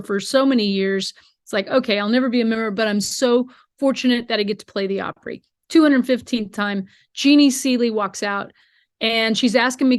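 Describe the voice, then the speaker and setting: The clean, echo-free studio recording carries the medium-pitched voice of a middle-aged woman from the United States, a bluegrass singer. Guesting on a remote interview, she gets emotional while telling heartfelt stories and acting out what people said.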